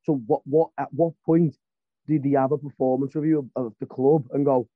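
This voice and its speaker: A man's voice: mid-range voice, steady tone, brisk, no room sound. A man on a casual podcast, ranting hard and swearing. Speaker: podcast panelist. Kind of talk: heated casual rant. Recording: dull lo-fi podcast audio.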